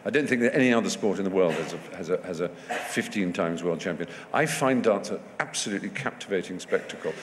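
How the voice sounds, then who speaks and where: A man's voice: low-pitched, animated, quick pace, few pauses. A man speaking as a guest in an onstage festival conversation, discursive and wry, often restarting his sentences. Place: festival stage before an audience. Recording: long hall reverb, faint background noise.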